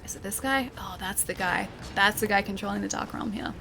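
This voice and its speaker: A young Australian woman chats casually while streaming a game, reading out and thanking her viewers between fights and filling her speech with lots of ums and uhs. Her mid-range voice is fairly quick with vocal fry, and game music plays behind her.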